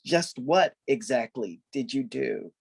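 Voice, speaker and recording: A wise old magpie matron from a folk tale who takes charge without raising a fuss, as a man voices her. Her speech is firm and no-nonsense, slow and deliberate, with a lively lilt. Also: mid-range voice, vocal fry, breathy edge, exaggerated voice. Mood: stern. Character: wise, stern old female magpie elder.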